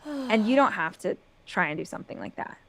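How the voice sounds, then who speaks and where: A woman's voice: mid-range voice, animated, fairly quick. A woman hosting a podcast, talking earnestly and enthusiastically to motivate her listeners. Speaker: podcast host.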